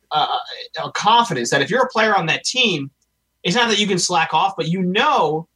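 A man co-hosts a casual sports podcast in a bright, slightly raised voice with a husky edge. He talks loosely, hesitating and restarting as he weighs his opinions. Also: fairly high pitch, rough recording. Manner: hesitant, many fillers and restarts. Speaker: podcast co-host.

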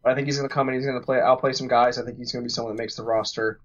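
A man's voice: medium pitch, little pitch movement, rapid-fire. Young guy co-hosting sports chat, jokey, rambly, muffled lo-fi mic. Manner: joking, rambling, repeats words. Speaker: podcast co-host. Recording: dull lo-fi recording.

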